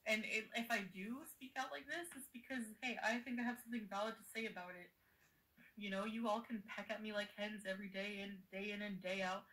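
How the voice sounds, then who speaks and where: A woman's voice: mid-range voice, steady tone, brisk, a bit bright, low-quality recording. A worn-out woman talks on a casual livestream, tired and delirious after long travel. She giggles often and greets her viewers one by one in a chatty, scattered way.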